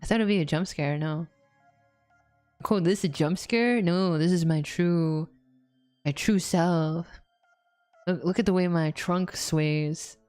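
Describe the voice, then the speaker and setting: A woman's voice: fairly low pitch, slow pace, pauses often, darkish tone, smooth, faint music behind. A woman streamer giving playful, giggly gameplay commentary and reading game dialogue aloud. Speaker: VTuber streamer.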